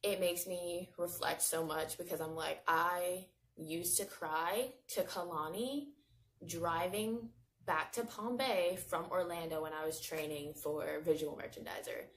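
A woman's voice: on the low side, measured pace. A woman in her twenties talking straight to her viewers in a personal vlog, heartfelt and rambling, leaning on fillers, close to tears with her voice catching. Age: 20s. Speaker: vlogger.

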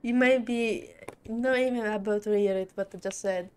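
A woman's voice: a little high, moderate pace, darkish tone, smooth. A woman casually commenting on her gameplay, talking to her character and laughing often. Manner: talks to her game character, laughs a lot. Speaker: gaming channel host.

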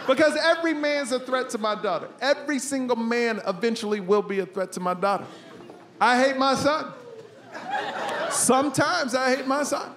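A middle-aged man doing a stand-up comedy set, animated, acting out family scenes and breaking into shouts. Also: very high-pitched, a little fast. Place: comedy club stage with live audience. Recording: live room with steady ambience noise.

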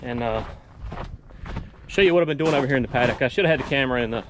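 A man talking casually through a farm vlog outdoors, relaxed and rambling with many fillers. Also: mid-range voice, rapid-fire, background noise. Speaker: farm vlogger.

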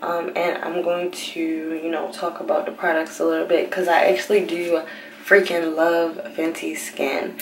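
A young beauty vlogger walks through her nighttime routine late at night, half-whispering in a relaxed lilt so she won't wake anyone. Her fairly low voice moves at a moderate pace and sits a bit back from her handheld phone camera. The home bathroom adds a noticeable echo, plus a little hiss or hum.

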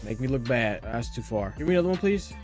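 A man giving casual, swearing commentary while playing a game, squealing and shouting at jumps and singing bits of rap. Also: medium pitch, animated, quick pace, faint music behind. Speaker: gaming streamer. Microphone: headset or desk mic with face cam.

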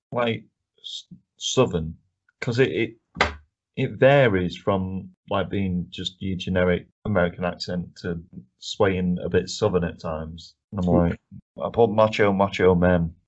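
Ranting sweary man, low voice. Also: unhurried. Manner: ranting, sweary, laughs often. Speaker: podcast co-host. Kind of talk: casual film review chat. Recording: dull lo-fi podcast audio.

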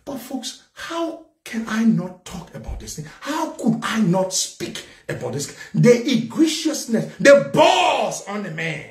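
Talk show host, male, high-pitched and fiery, echoey room. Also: big pitch swings, slow, few pauses. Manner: fiery, repetitive, shouting at times. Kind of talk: angry political rant.

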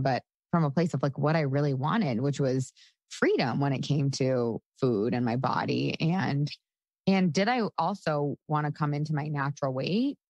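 A woman's voice: deep voice, a little mellow, no room sound, lo-fi sound. A woman in her thirties, a coach and podcast guest, talking casually with lots of "like" fillers and frequent laughs. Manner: chatty, full of "like" fillers, laughs often. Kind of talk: casual interview talk.

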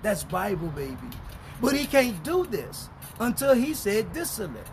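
Teaching the Bible street-style, a male pastor with a strikingly high voice is animated and preachy, sinking to quiet mutters before climbing to shouts. Scripture comes out in slow, emphatic bursts, with a faint hum running beneath the recording.

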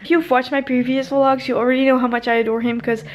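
A young woman, chatting in a casual vlog and gushing excitedly with lots of fillers. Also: high voice, quick pace. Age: young adult. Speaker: vlogger.

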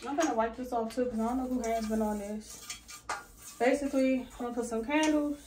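Young woman chatting away while she organizes, slangy and animated, kinda high voice, echoey bathroom. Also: brisk, background noise. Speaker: lifestyle vlogger. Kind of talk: casual organizing vlog chat. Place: bathroom at home.

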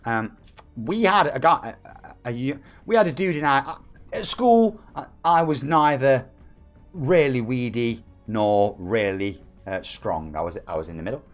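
An English game streamer in his 40s chats and jokes with viewers, reading out their messages in a live-stream. His medium-pitched voice is expressive and measured in pace, with soft music playing in the background.

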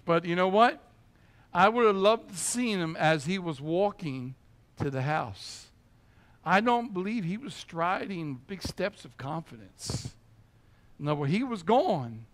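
A man's voice: sits high, fairly bright tone. A man preaching a sermon in a church as pastor, emphatic and often checking in with his listeners.

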